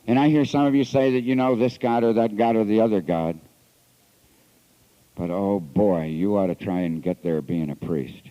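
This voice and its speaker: A priest telling his recovery story at a convention, earnest and confessional, swinging between hushed passages and emphatic ones, recorded on an old lo-fi tape. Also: lowish voice, normal speed. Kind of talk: recovery talk. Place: convention hall. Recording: dull lo-fi 1980s tape recording.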